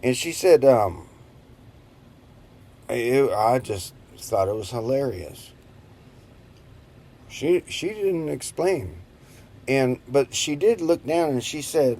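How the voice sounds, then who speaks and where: A man's voice: medium pitch, animated, slow pace, long pauses, dark tone, a little hiss or hum. A man in his fifties telling a rambling story in a casual way, chuckling as he goes. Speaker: vlogger.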